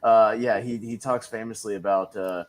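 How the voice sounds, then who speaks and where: A man's voice: on the low side, steady tone, moderate pace. A man hosting a casual movie podcast, rambling with many fillers and frequent laughs. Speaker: podcast host.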